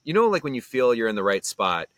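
A man's voice: mid-range voice, sing-song, fairly bright tone, no echo. A man telling stories as a guest on a casual podcast recorded outdoors, laughing often as he talks. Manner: quick, laughing storyteller. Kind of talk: casual chat. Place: backyard deck, outdoors.

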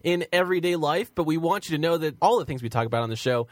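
A man's voice: fairly high pitch, expressive, fast, no room sound. A man hosting a talk radio show, speaking in a friendly, promotional way.

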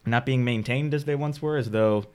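A man narrating a tabletop game as game master in a wry, deliberate way. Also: medium pitch, darkish tone, clear, resonant tone.

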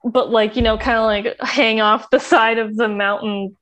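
A woman's voice: fairly high pitch, fairly even intonation, moderate pace, a bit bright, dull audio. A woman co-hosting a podcast in casual chat, a chatty storyteller who laughs often. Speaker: podcast co-host.

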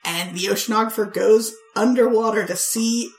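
A woman co-hosting a podcast, telling stories in a casual, animated way and laughing often. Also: medium pitch, normal speed. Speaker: podcast co-host. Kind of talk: casual chat. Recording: roomy echo.

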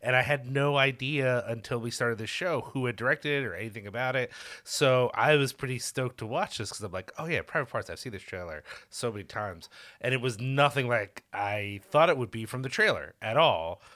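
A man's voice: mid-range voice, expressive, fairly quick, pushed and bright. A man on a film podcast talking in a rambling, self-interrupting way, enthusiastic about the movie. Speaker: podcast guest. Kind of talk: casual film discussion.

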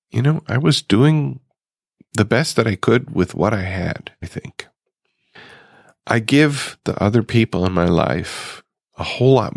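In a reflective solo monologue for his recovery podcast, a middle-aged host with a low, gravelly voice muses conversationally and puts questions straight to listeners. The recording is dry, with clean studio sound.

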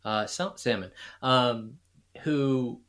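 Male podcast guest, rambling and wry, bright timbre, mid-range pitch. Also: extremely slow. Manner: rambling, mocking asides. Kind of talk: casual chat.

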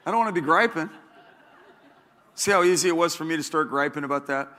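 A man's voice: fairly high pitch, quick pace, sharp tone, a faint crowd. A man preaching a sermon as pastor, repeating key lines and telling stories with a laugh.

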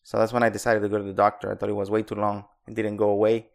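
A man's voice: lowish voice, monotone, very fast, gravelly. Sleepy young guy on a podcast, stammers and restarts a lot. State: drowsy from medication. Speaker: co-host. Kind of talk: casual chat.

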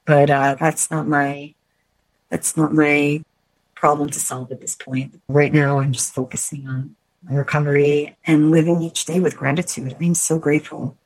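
A woman's voice: sits low, level tone, normal speed, a little mellow, low-quality recording. A middle-aged woman from New York, candidly telling her personal story in an interview, reflective and often restarting words. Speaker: guest.

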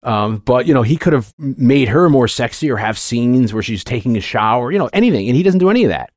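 A man in his forties talking casually about a film, rambling and animated with plenty of fillers and restarts. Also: mid-range voice, fast talker, no room sound, clean studio sound. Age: 40s.

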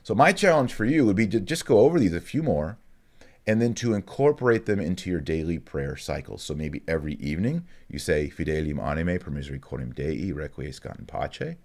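A man with a very low, deep voice leads a relaxed video lesson on Latin prayers. He sounds out each word slowly and carefully, then drops into easygoing, chatty explanations. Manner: slow, careful enunciation of Latin words, chatty asides. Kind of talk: casual online lesson, reading and explaining prayers.

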